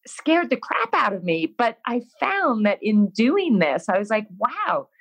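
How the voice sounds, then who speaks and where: In a muffled recording, a woman with a somewhat high voice speaks a little slowly as an interview guest. She shares a personal story frankly and self-deprecatingly, becoming animated as she acts out things she once said.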